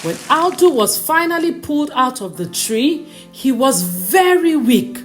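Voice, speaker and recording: A woman narrating a bedtime storybook in a slow, expressive reading voice. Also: high voice, faint music behind.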